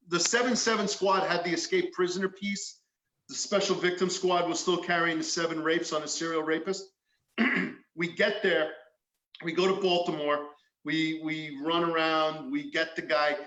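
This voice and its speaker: A man's voice: on the high side, a bit bright, echoey room, lo-fi sound. A man, a former police detective, telling a story in a podcast chat, acting out quotes and swearing freely.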